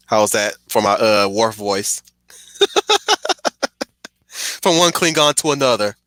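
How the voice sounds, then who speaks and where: Male streamer, excitable and digressive, bright tone, dry close sound. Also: fairly low pitch, slow pace, pauses often, no room sound. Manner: excitable, digressive, laughs often. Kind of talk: casual rambling commentary.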